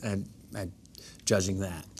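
A man's voice: deep voice, fairly even intonation, a little slow, darkish tone, husky. A man in his thirties from the Netherlands, speaking with a coached general American accent, answering interview questions thoughtfully with many restarts. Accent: general American, trained. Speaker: actor guest. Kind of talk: interview conversation.

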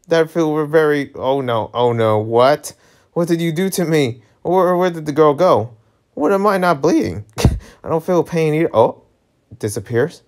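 Lively man reading a webtoon aloud. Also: mid-range voice, measured pace. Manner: casual, stumbling reads with laughs. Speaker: webtoon reader.

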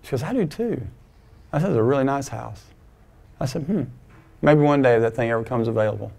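A man's voice: medium pitch, fast, creaky, a little mellow. A middle-aged man pastor telling a personal story in a folksy, conversational sermon, acting out bits of dialogue. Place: church sanctuary.

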